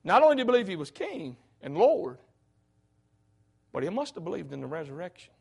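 Man, preacher, high voice, fervent folksy sermon, keeps saying hey. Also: sing-song, brisk, gravelly, breathy edge.

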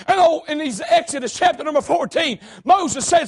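A preacher, giving a fervent sermon, often shouting, with a folksy storytelling manner. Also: male voice, very high voice, expressive, moderate pace, few pauses.

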